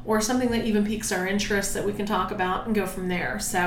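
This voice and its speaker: A woman's voice: mid-range voice, steady tone, fast talker. A woman co-hosting a casual chat podcast, playful and laughing often. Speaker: podcast co-host. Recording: echoey room with some noise.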